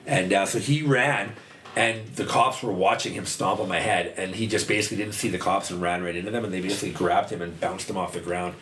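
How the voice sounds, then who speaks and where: This very deep-voiced man, a bit bright in tone, speaks a little quickly and steadily as a podcast guest opening up about addiction. He meanders, curses often, and leans on "like," recorded from a distance in a roomy space with light background noise.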